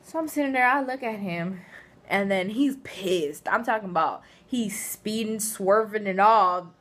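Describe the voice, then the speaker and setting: A woman's voice: mid-range voice, a little slow. A woman casually telling funny personal stories to camera, chatty and giggly. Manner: chatty, giggly, animated storyteller. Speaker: vlogger. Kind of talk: casual storytelling.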